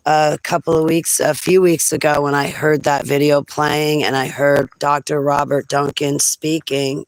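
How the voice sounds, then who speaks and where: A woman vlogging in a rambling personal monologue, chatty and quick to laugh between thoughts. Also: low-pitched, little pitch movement, no room sound, rough recording.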